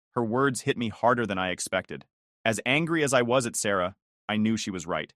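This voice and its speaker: A man's voice: on the low side, animated, a little fast, a bit bright, dry recording, clean studio sound. A man narrating a scripted first-person family drama story, with bitter, emphatic phrasing and rising questions.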